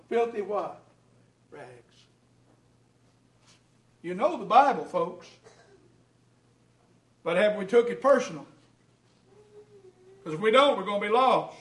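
Male preacher, high voice, fiery sermon delivery, roomy hall sound. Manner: preaches with rising shouts and quick asides to the congregation. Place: church hall. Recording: echoey hall, mic at a distance.

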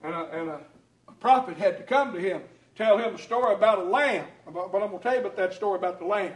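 A man preaching a sermon to his congregation, building to shouts and then dropping to quick asides. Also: high voice. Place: church hall. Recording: echoey hall, mic at a distance.

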